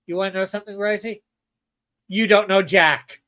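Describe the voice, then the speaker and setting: A Canadian man hosting a casual stream, reading chat aloud and tossing off wry puns. His voice is high and bright, and the sound is dry and close. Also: fairly even intonation, normal speed, no room sound. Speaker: stream host.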